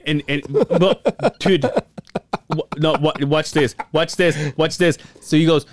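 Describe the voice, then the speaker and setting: A man's voice: a little high, normal speed, no room sound. A man around forty on a podcast, telling a long story about his father in a casual, profane way and acting out the quotes. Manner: profane, animated storyteller who acts out quotes. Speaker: podcast co-host.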